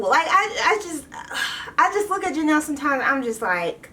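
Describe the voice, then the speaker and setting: A woman with a slightly high voice recaps a reality show in a casual vlog. Her talk is blunt and sassy. She sits a little away from the microphone. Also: sing-song, normal speed, sharp tone, far from the mic, a little hiss or hum. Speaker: vlogger.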